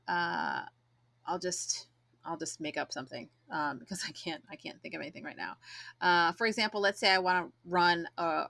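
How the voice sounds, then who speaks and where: A woman's voice: lowish voice, a bit bright. A woman in her forties hosting a solo podcast, talking casually and reflectively and acting out quoted voices. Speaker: podcast host.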